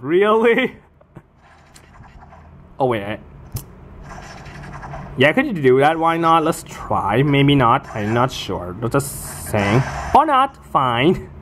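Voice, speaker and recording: A gamer giving casual let's-play commentary on their own match, excitable and quick to swear and laugh, talking in short, broken phrases. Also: medium pitch.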